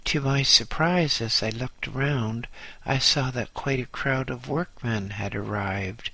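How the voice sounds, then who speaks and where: Male memoir narrator, unhurried and deliberate, crisp bright tone, dry close sound. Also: medium pitch, no room sound, rough recording. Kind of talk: first-person memoir audiobook narration.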